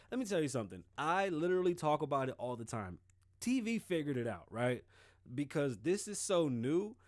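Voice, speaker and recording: A man hosting a podcast, talking casually and swearing freely as he tells stories in an animated way. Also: medium pitch, no echo, studio quality. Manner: profane, animated storytelling. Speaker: podcast host.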